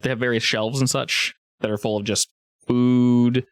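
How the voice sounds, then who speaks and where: A man narrating a tabletop game as game master, relaxed and halting, with many fillers. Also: mid-range voice, clear, resonant tone, no echo.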